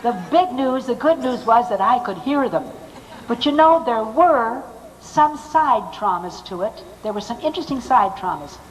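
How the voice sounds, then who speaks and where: An older woman telling comic stories from a stage in a chatty, animated way, acting out other people's voices. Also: on the high side, moderate pace, a little hiss or hum. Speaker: stage performer. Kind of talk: anecdotal stage monologue. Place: stage in a large hall. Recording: long hall reverb, faint music behind.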